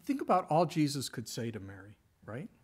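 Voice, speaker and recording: Animated man preaching a conversational sermon. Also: mid-range voice, a little fast, husky. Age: middle-aged. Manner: conversational, animated storytelling with whispered quotes. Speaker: pastor.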